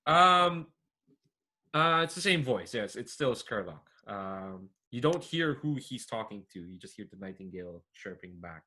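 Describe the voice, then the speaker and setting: Bright-voiced male game master. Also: lowish voice, expressive, a little slow. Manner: hesitant, chatty, many fillers and laughs. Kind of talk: narrating a tabletop game.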